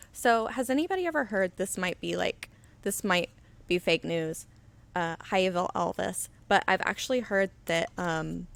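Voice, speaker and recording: A woman's voice: fairly low pitch, vocal fry. A woman hosting a live stream where she paints miniatures, chatting in a rambling way and reading viewer comments aloud. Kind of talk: casual chat while demonstrating. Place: indoor studio under flood lighting. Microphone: webcam on auto settings.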